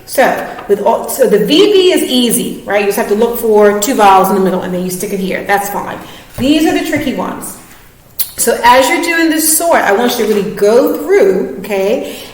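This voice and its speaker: A woman teacher giving a patient, encouraging reading lesson to children, often checking that they follow. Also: on the high side. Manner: patient, encouraging, asks many checking questions. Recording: echoey room, voice from far off.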